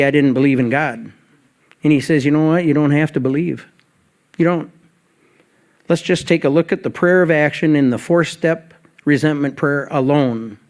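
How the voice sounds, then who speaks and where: At a recovery meeting, a male guest speaker tells his story conversationally, acting out both sides of dialogue he remembers. His voice is medium in pitch and a little mellow.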